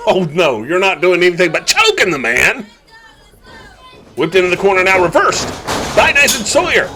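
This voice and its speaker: A man calling a wrestling match play-by-play, excitable and often shouting at the big moves. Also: high-pitched, background noise. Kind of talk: live sports commentary.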